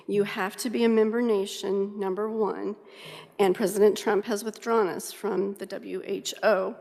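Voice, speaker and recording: A woman from Kansas testifies before a committee, earnest and nervous, her speech halting with ums. Her voice carries a gravelly fry. The sound rings with the long reverb of a large hearing room. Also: mid-range voice, darkish tone. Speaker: citizen testifying at a legislative hearing. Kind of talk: public testimony.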